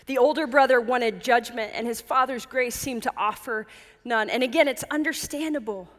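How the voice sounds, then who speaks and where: Woman pastor, higher voice, earnest measured sermon delivery, church hall reverb. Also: a bit bright. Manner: earnest, measured, with emphatic repetition.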